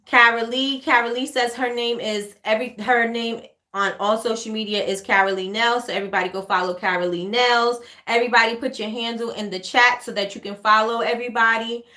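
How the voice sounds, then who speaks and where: A woman with a New York accent hosts a relaxed livestream Q&A, her voice bright and forward. She talks in a loose, chatty way, repeats phrases, and reads viewer comments aloud between tips. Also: on the high side, fairly quick, reverberant. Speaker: livestream host, candle maker. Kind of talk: casual livestream Q&A. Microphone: webcam or phone livestream.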